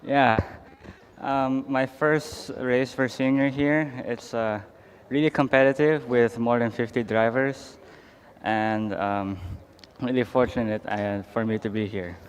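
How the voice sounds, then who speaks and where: A man's voice: medium pitch, fairly even intonation, slow pace, slight background noise. A male racing driver from the Philippines, out of breath after a race, answering hesitantly with many fillers. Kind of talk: post-race interview.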